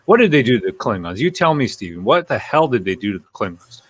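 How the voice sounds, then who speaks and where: A man hosting a casual live-stream chat, telling animated, profane stories and reading out viewer comments. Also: mid-range voice, fast talker.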